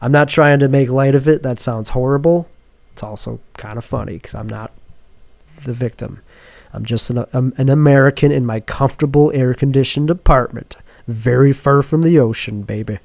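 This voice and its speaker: A man's voice: mid-range voice, normal speed, creaky, a little mellow, dry recording. A sniffly, sick man hosts a podcast monologue from his home apartment, reading a script aloud. He rambles and interrupts himself with a dry, sardonic edge. The recording is dry and close. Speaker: podcast host.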